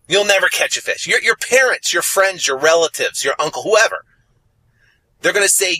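Animated, emphatic man hosting a podcast. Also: a little high, moderate pace, dry recording, rough recording. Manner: animated and emphatic, repeating phrases for effect. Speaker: podcast host. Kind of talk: motivational podcast monologue.

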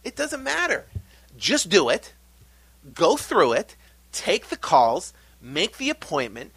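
A middle-aged man hosting a podcast, giving an energetic, animated pep talk. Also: fairly high pitch, slow, breathy edge, dry recording. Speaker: podcast host.

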